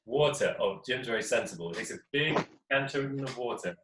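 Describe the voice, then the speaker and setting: A man's voice: mid-range voice, lively intonation, brisk. Young English male storyteller, playful and chatty, speaking to a listening crowd; picked up from a distance, so the voice sounds set back. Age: young adult. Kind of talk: live storytelling to an audience. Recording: echoey room, mic at a distance, faint noise.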